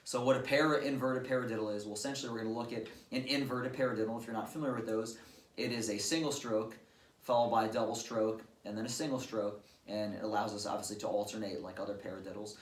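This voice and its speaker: A man's voice: on the low side, steady tone, fast. Man, drum teacher, patient explainer, casual fillers, echoey room, drums behind. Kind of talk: instructional drum lesson. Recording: roomy, distant-mic recording with drums. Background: drum kit played at times.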